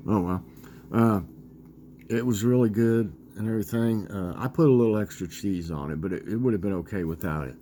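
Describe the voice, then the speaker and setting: A man in his sixties chatting casually in a vlog, rambling and halting with lots of fillers as he tells a childhood story and talks about dinner. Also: lowish voice, mellow, slight background noise. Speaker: vlogger.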